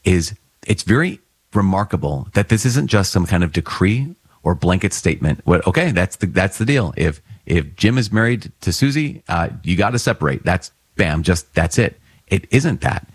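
A man's voice: sits low, expressive, moderate pace, husky, no room sound. A man giving a conversational homily on scripture readings, earnest and plain-spoken with fillers and light laughs. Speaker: priest.

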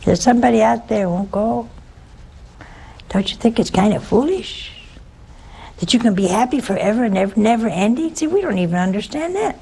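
A woman's voice: on the high side, lively intonation, normal speed, gravelly, dark tone, slightly rough, poor audio. An older woman, a religious sister, giving a spiritual talk full of personal stories and rhetorical questions to her listeners.

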